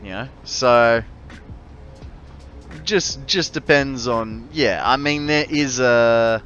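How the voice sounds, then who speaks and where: Australian male game streamer, bright voice, easygoing rambling chat with viewers. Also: medium pitch, slow, lo-fi sound, soft background music. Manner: rambling, chatty, friendly to chat. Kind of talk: casual live-stream chat while gaming.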